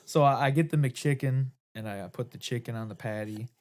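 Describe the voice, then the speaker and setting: A man's voice: mid-range voice, a little fast. Young man, podcast co-host, crude storyteller who swears and laughs, does voices for others. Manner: profane, laughing, acts out voices in stories.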